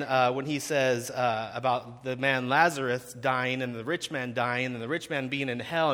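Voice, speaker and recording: A man's voice: mid-range voice, pushed and bright. A man in seminary giving a conversational sermon with frequent fillers, in a reverberant hall. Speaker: seminary student preaching.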